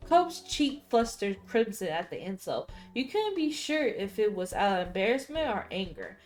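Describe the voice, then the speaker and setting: A woman streaming a story game, reading its text aloud and breaking into loud, profane outbursts. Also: medium pitch, lively intonation, normal speed, hardly any pauses, soft background music. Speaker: gaming streamer.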